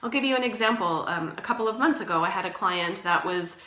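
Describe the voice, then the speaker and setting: Bright-voiced woman in an echoey room. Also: fairly low pitch, quick pace. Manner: conversational, reassuring, often checks in with "right?". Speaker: doula and doula trainer. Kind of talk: casual advice vlog.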